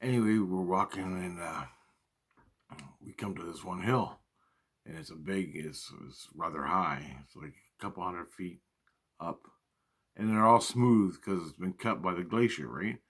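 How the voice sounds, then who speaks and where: Deep-voiced man telling a rambling story. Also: unhurried, fairly bright tone, slightly rough. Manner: rambling, profane, with restarts and repeated phrases. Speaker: storyteller recounting personal experiences. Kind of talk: casual storytelling.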